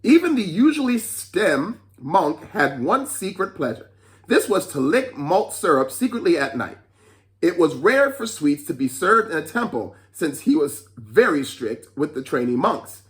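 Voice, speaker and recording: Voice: mid-range voice, sing-song, unhurried. A children's storyteller reading a folk tale aloud, with chatty asides to young listeners.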